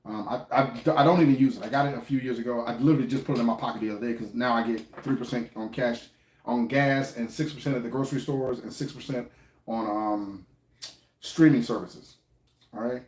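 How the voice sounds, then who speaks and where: A man's voice: mid-range voice, a little fast, a little mellow. A middle-aged man with an African American English accent, talking casually to the camera about money, repeating himself and asking viewers questions. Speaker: finance vlogger. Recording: echoey room.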